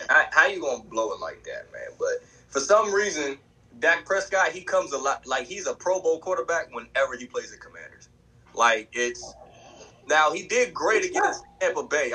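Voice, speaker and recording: A man co-hosting a sports podcast, talking in an animated, emphatic, trash-talking way. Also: medium pitch, husky, poor audio. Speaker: podcast co-host. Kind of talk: casual sports chat.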